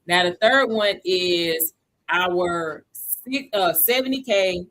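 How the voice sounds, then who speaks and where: A woman's voice: on the low side, takes it slowly, a bit bright. Chatty woman teaching on a livestream. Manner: chatty, greets viewers by name between points; repeats key points and checks understanding. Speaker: crypto educator hosting a livestream.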